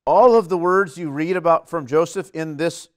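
A man preaching a sermon in an earnest, emphatic manner, swinging between loud stresses and quiet asides. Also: moderate pace. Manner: earnest, emphatic, lively swings in pitch and loudness.

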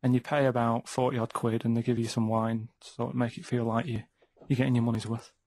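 A man telling plain, deadpan holiday stories in a slow, hesitant way, with fillers, in a casual chat. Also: medium pitch. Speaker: guest storyteller.

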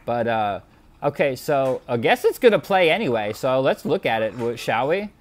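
A man giving satirical reaction commentary on a video clip. He sounds mock-outraged and sarcastic, and his pitch swoops up and down. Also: very animated, normal speed. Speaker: YouTube commentator.

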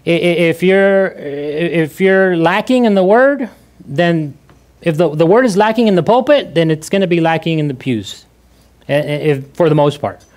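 A man's voice: a little high, normal speed, a little mellow. A male pastor preaching a sermon in a conversational way, repeating key phrases and often restarting his sentences. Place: church.

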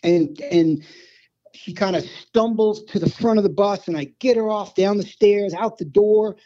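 A man's voice: sits high, unhurried, warm tone, dull audio, a little hiss or hum. A man, a former band road manager, telling rambling tour anecdotes as a guest in a casual conversation. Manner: rambling anecdotes with many restarts.

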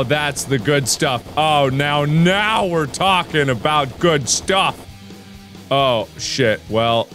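A young man playing a game on camera, laughing often and shouting excitedly at what happens on screen. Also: fairly high pitch. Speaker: gaming host. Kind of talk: let's play commentary.

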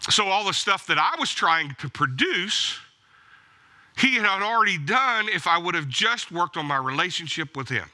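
A man preaching a sermon with a very bright, forceful tone and a high voice that swings widely in pitch. He exhorts his congregation emphatically, hammering points with blunt repeated commands. A pastor in full flow in his own church. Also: lively intonation, moderate pace.

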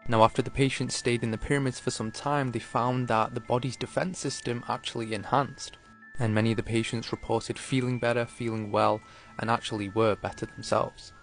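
A man with a gravelly, creaky edge to a mid-pitched voice talks through a video in a relaxed, conversational explainer style. He throws in rhetorical asides as he goes, with soft music underneath. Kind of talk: casual explainer narration.

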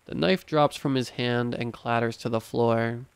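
A man reading horror stories aloud in measured, steady scripted narration. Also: mid-range voice, clear, resonant tone, no room sound.

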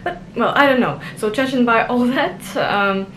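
A woman's voice: on the high side, normal speed, fairly bright tone, a little hiss or hum. A young adult woman vlogging about learning a language, self-conscious and giggly, with many fillers and restarts. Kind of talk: casual vlog monologue.

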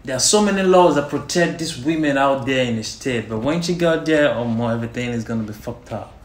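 A man's voice: mid-range voice, fairly quick, echoey room. A man, a guest on the show, talking bluntly and swearing. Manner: blunt, profane. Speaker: guest testing his girlfriend.

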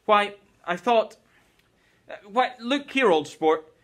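A teacher putting on a smooth, eager wealthy gentleman from the 1920s, his voice lifted noticeably higher than plain speech. He fumbles and coaxes, circling around what he wants to say, as the novel is read aloud in class. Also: expressive, slow, full character voice. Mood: coaxing. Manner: hesitant, coaxing, says 'old sport'. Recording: teacher's recorded lesson video.

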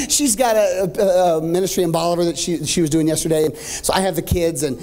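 High-voiced pastor preaching with sung climaxes. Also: male voice, steady tone, a little fast, few pauses, darkish tone. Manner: preaching with rising, half-sung climaxes and joking asides. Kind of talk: sermon. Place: church stage.

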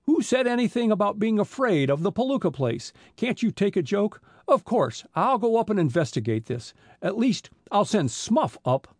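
In an audiobook reading, a man puts on a high, pitched-up voice, higher than his natural one, to play a pompous, timid small-town police chief who blusters in folksy, ungrammatical speech. The delivery swings widely in pitch at a normal speed with a darkish tone and sounds nervous. The recording is dry and studio-clean.

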